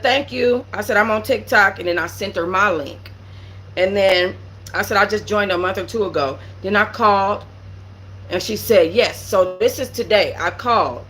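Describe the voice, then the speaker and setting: A woman's voice: mid-range voice, a bit bright, low-quality recording. A woman hosting her own channel, telling a story in blunt, profane detail and acting out what each person said. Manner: acts out quoted dialogue. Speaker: channel host. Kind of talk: storytime commentary. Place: home setup with green screen.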